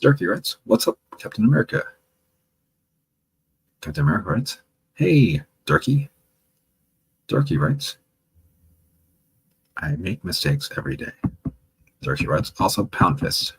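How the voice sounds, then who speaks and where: A man hosting a livestream, reading viewer comments aloud with a chatty, wry manner and a gravelly voice. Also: deep voice, sing-song, unhurried, pauses often, slight background noise, poor audio. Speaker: livestream host reading chat. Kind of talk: casual livestream chat.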